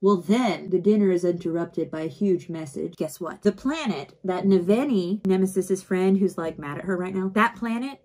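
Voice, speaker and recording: A woman's voice: on the low side, moderate pace, few pauses, a little mellow. Chatty young woman recapping a book. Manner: chatty, lots of fillers. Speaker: book vlogger. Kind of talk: casual chat, book recap.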